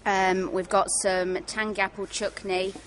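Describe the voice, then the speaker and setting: A woman's voice: mid-range voice, flat delivery, unhurried. A woman describes her products at a show stall and lists them plainly. She hesitates often with ums. Faint noise sits behind her. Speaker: stall worker.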